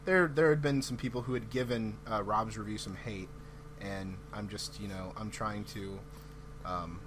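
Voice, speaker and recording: A man's voice: lowish voice, steady tone, normal speed, fairly bright tone. A man hosts a casual podcast chat, hedging and earnest, with plenty of fillers and restarts. A faint hum runs under the voice. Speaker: podcast host.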